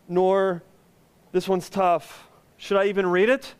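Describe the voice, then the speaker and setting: A man's voice: high-pitched, level tone, slow pace, clear, resonant tone. A male pastor preaching a sermon, earnest and conversational with touches of humor.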